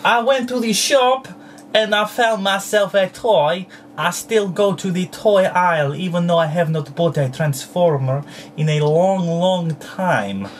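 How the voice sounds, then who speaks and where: A toy vlogger talking casually to a camera at home, playful and childlike in grammar, breaking into excited squeals. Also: mid-range voice, a little slow, recorded from a distance, slight background noise. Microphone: camera close up.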